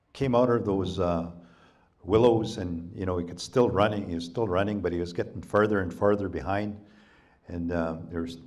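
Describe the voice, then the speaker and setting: A man from Canada telling a traditional folktale to a library audience, with a very deep and low voice. He speaks in an unhurried, halting way and fills his pauses with "you know" and "um". His telling feels plain and conversational rather than polished. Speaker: storyteller. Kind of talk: oral folktale storytelling. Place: public library talk.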